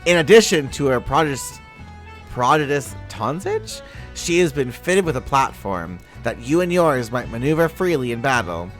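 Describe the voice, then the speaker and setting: A man voicing a formal, seasoned male naval commander from a game, reading in a lowered, stately manner. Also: big pitch swings, moderate pace, soft background music, natural voice.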